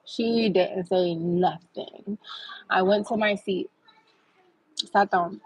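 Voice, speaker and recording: A woman and mother hosting her own channel, telling a chatty, animated storytime with laughs. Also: medium pitch, takes it slowly, slightly rough, rough recording. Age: adult with a child. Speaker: vlog host. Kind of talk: casual storytime.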